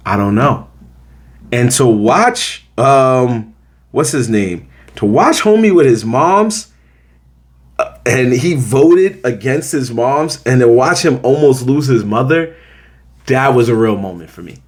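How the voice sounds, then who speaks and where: Young male host, casual slangy review, lively storytelling with voiced reactions. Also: medium pitch, takes it slowly. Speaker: show host reviewing a series.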